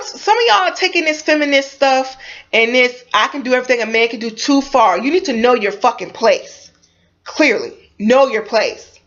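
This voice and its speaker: A woman's voice: a little high, fairly bright tone. A young woman vlogger giving a heated, preachy opinion monologue, blunt, with cursing and many rhetorical questions. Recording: slightly dull lo-fi sound.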